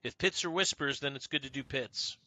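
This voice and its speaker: A man's voice: medium pitch, fairly quick, pushed and bright, no echo. A man streaming a video game, chatting casually and greeting viewers by name. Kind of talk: casual livestream chat while playing.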